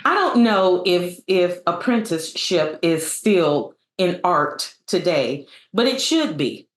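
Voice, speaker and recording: Slow-talking woman host in a roomy space. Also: on the low side, big pitch swings. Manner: affirming, with frequent fillers and restarts. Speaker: interview host. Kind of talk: conversational interview. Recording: roomy echo.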